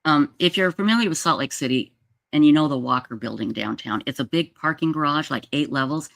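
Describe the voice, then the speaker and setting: Laughing, animated woman storyteller. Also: sits low, a little fast, vocal fry. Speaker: livestream host. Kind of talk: casual storytelling chat. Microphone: video call.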